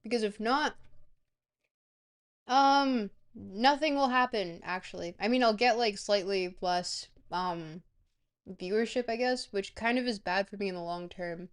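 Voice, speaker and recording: Woman, streamer, casual chat, rambling, lots of filler pauses, mid-pitched voice.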